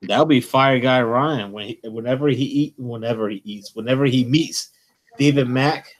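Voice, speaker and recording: Hyped co-host dude talking comics on a stream, mid-pitch voice. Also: male voice, normal speed. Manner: excited, enthusiastic about comics. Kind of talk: casual livestream chat.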